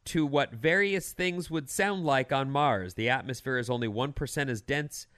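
A man's voice: mid-range voice, normal speed, a bit bright, smooth. A man hosting a radio show, chatting casually and reading quirky news items with an opinionated, teasing manner.

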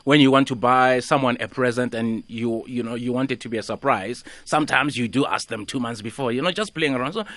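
A man's voice: mid-range voice, fairly quick, few pauses, a bit bright, dry recording. A man hosting a radio show, chatty and upbeat as he interviews a guest. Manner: chatty, upbeat, laughs easily. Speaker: radio host. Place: radio studio.

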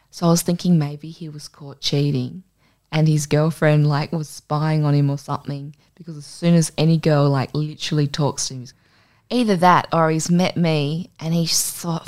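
A woman's voice: low voice, fairly even intonation, normal speed, darkish tone. A young woman hosting a podcast, telling a story in casual chat and acting out the voices with crude humour. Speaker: podcast host.

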